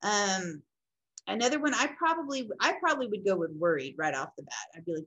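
Lively-voiced woman teaching counseling skills. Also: mid-range voice, a little fast, poor audio. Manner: explains, then acts out client and counselor lines. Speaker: counseling instructor. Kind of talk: classroom lecture with role-play examples.

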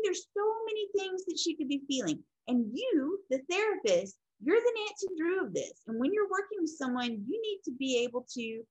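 Heard through poor audio, this woman's voice is a little high. She's a counseling instructor giving an informal, animated lecture, performing the voices of the people she quotes.

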